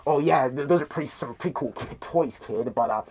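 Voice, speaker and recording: A man's voice: mid-range voice, brisk, darkish tone, natural voice. A man voicing a boastful, clumsy masked male superhero in a lazy mocking drawl. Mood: smug.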